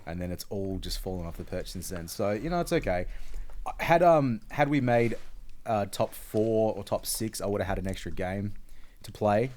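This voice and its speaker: A man's voice: on the low side, lively intonation, moderate pace, darkish tone. A man with an Australian accent, co-hosting a podcast in laid-back, rambling casual chat. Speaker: podcast co-host.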